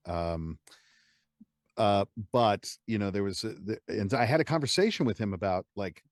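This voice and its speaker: A man with an American accent speaks in a fairly low voice, close and dry with no room sound. He tells stories in a chatty, animated way and laughs easily, like a guest on an interview show. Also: normal speed, no echo. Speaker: guest, audiobook narrator. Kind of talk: casual interview chat.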